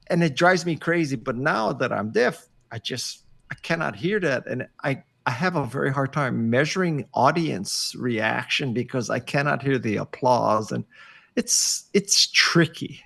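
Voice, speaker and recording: A man's voice: mid-range voice, lively intonation, measured pace, gravelly, fairly bright tone. An older man talking as a guest on a video call, wry and self-deprecating, often emphatic. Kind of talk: casual interview over video call.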